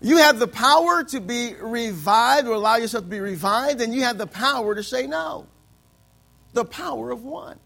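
A man's voice: very high voice, expressive, normal speed, creaky, sharp tone. A man preaching a sermon, asking for amens and acting out little scenes. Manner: call-and-response preaching, frequent amens, acts out voices in anecdotes. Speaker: pastor.

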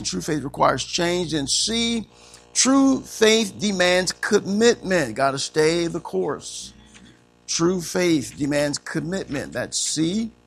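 A man's voice: high-pitched, fairly bright tone. A man preaching a sermon in a call-and-response style, often saying amen and asking the congregation questions. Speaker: pastor.

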